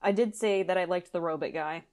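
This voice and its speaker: Woman co-host, relaxed chatty delivery, quick to laugh. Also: on the low side. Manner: laughs often, talks in loose asides. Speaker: podcast co-host. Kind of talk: casual chat reviewing a movie.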